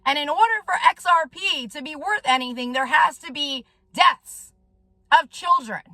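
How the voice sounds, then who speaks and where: A woman's voice: high-pitched, normal speed, sharp tone, dry recording. A woman vlogger ranting to her viewers in an agitated, profane way, often ending her sentences with "okay?". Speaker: vlogger and soul coach. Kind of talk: direct-to-camera rant.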